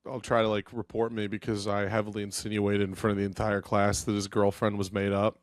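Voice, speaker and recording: Deadpan young man, podcast co-host. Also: on the low side, brisk, no echo. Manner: dry, deadpan storyteller. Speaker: teacher. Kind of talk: casual podcast banter.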